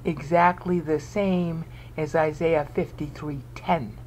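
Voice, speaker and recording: A woman giving an informal recorded talk on scripture, emphatic and full of rhetorical questions, reading verses slowly aloud. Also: deep voice, steady tone, darkish tone, a little hiss or hum. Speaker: Bible teacher.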